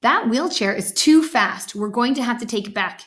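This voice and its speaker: A stern, decisive storybook dad who lays down the rules, as a woman reading aloud puts him on. The voice is firm, bright and a bit high. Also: lively intonation, moderate pace. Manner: firm, declaring.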